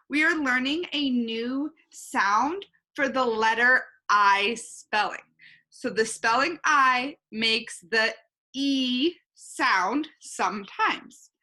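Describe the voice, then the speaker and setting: A woman teacher giving a recorded online phonics lesson, talking slowly and clearly and saying each word twice. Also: on the high side, bright, forceful tone.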